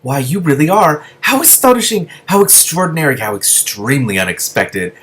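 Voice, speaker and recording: A man's voice: medium pitch, sing-song, fairly quick, a bit bright, slight background noise, voice pushed up. A man voicing a small, fussy male lizard who talks down to everyone in a prim, scolding way. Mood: fussy surprise. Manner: prissy, scolding, easily flustered.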